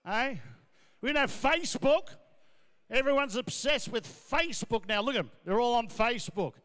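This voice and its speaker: Middle-aged stand-up MC, brash and loud, high bright voice, long ballroom echo. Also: male voice, animated. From Australia. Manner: brash, loud, rapid riffing. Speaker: comedian and MC. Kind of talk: stand-up comedy. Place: large gala ballroom. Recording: echoey ballroom, long reverb.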